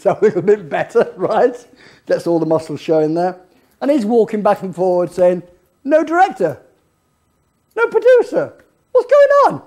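A man's voice: sits high, dark tone. A man telling stories on stage as a keynote guest, laughing often as he goes. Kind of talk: anecdotal storytelling on stage. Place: event hall on stage.

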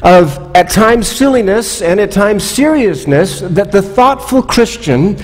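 A man's voice: high voice, expressive, measured pace, darkish tone, big-room sound, faint music behind. A man pastor preaching a sermon in a church, telling stories with wry asides in a conversational way. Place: church sanctuary.

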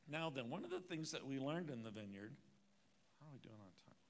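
A man's voice: medium pitch, lively intonation, normal speed. A man preaching at a church conference, telling a personal story with wry, self-mocking humor. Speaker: conference speaker. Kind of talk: storytelling sermon.

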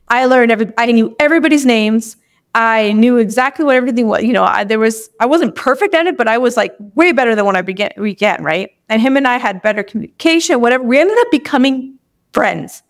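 A young adult woman, a podcast guest, tells a personal story in casual conversation, chatty and full of restarts. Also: a little high. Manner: chatty, with many restarts and acted-out inner thoughts.

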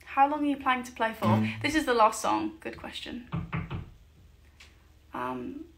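A woman's voice: on the high side, big pitch swings, a little slow, gravelly, a bit bright, a little hiss or hum. A woman singer-songwriter, chatting casually between songs from her living room, jokey and self-mocking. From England. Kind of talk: casual chat between songs at a home livestream gig.

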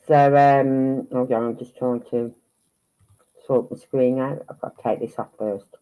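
A man's voice: medium pitch, steady tone, measured pace, dark tone, clean tone, low-quality recording. A man hosting a casual livestream, rambling and stopping mid-thought while he sorts out his screen. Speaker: livestream host. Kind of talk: casual chat about a case.

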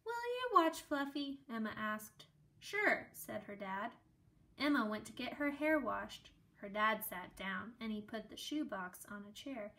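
A woman reading a children's book aloud in a gentle, expressive way, adding small asides. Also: mid-range voice, measured pace, creaky. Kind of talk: storybook read-aloud with asides.

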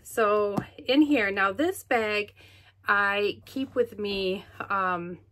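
A woman vlogger talks very slowly in a bright, forceful, mid-range voice while showing off her things at home. The casual show-and-tell chat is gushing and full of fillers, and she sounds out of breath.

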